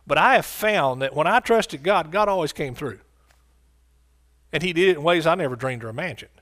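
A man's voice: fairly high pitch, lively intonation, brisk, fairly bright tone. Emphatic American preacher man. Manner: emphatic, repeats phrases, calls out to the audience. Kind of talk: sermon.

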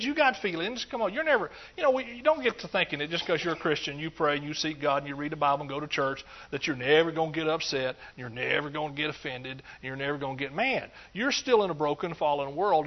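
Man, middle-aged, pastor, folksy joking sermon, high voice, muffled lo-fi recording. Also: quick pace, few pauses. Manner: folksy and joking, with animated outbursts of praise. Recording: dull lo-fi sound.

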